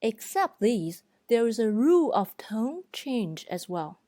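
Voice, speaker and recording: A woman talks through a beginner's Mandarin lesson at a very unhurried pace, her voice sitting a little high. She is deliberate and clear, demonstrating each pitch, and the close recording is dry, with no room sound. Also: sing-song, mellow, no room sound. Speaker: Mandarin teacher. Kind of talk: slow, careful tutorial narration.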